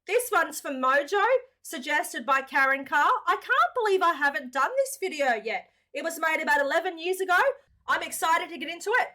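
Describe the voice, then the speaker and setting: A woman's voice: sits high, lively intonation, fairly quick, bright, forceful tone. An Australian woman hosting a reaction video, chatting upbeat and casually, calling the viewers mate.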